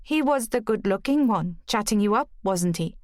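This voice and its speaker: A woman's voice: medium pitch, animated, moderate pace, dry recording, studio quality, close to an everyday voice. A woman reading the part of a chatty, teasing pub landlady in an audiobook. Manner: bubbly, teasing. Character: chatty cheerful Welsh pub landlady, middle-aged.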